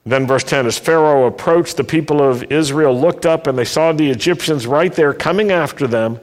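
A man's voice: a little high, normal speed, big-room sound. A man preaching a sermon, stressing his points and asking listeners to repeat lines after him. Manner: emphatic preaching, asks the congregation to repeat lines.

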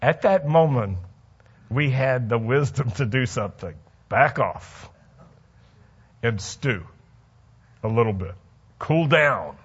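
Husky conversational male preacher. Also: mid-range voice, lively intonation, takes it slowly, long pauses, highs cut off. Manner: conversational preaching, asks the congregation questions. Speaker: pastor. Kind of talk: sermon.

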